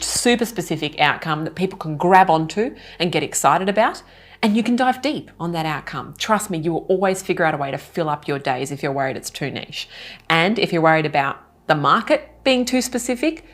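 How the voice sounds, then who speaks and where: A woman in her thirties tells a story to camera in the loose, animated way of a business coach, laughing at her own stories. Her voice sits a little low for a woman. Soft music plays faintly underneath. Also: brisk. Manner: animated, self-mocking, laughs while telling stories. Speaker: retreat organizer and business coach.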